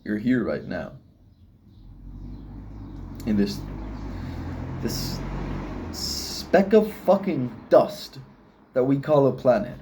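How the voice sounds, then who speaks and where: A man's voice: mid-range voice, big pitch swings, extremely slow, long pauses, warm tone, slight background noise. A young man rambling philosophically in a casual solo vlog, swearing often and laughing at himself. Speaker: vlogger.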